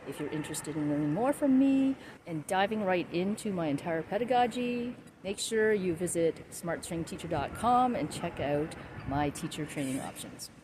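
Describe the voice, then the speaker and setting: Lowish-voiced woman teacher explaining orchestra tips outside, cars going by. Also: a little mellow. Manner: friendly, explanatory, with small restarts. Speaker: string teacher. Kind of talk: casual teaching tip to camera. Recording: outdoor city noise behind. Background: traffic and street ambience.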